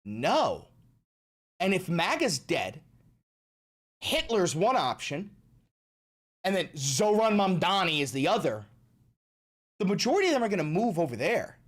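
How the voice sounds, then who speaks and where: A man's voice: sits high, big pitch swings, normal speed, long pauses, fairly bright tone. A man livestreaming, chatting casually with his chat and swearing often, with emphatic repeats. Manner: profane, emphatic, repeats himself.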